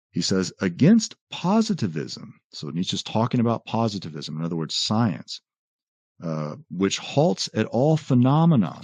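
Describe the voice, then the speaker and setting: A man explaining philosophy in a conversational lecture, quoting texts and often pausing on "uh" and "right?". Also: low-pitched, husky, no room sound. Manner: animated explainer, quotes texts, frequent "uh" and "right?". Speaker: podcast guest explaining philosophy.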